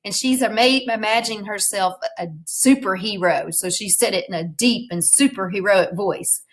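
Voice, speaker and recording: A woman's voice: medium pitch, moderate pace, low-quality recording. Patient woman teacher reading aloud. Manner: patient, explains words and prompts students. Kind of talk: reading a storybook aloud for a recorded class lesson.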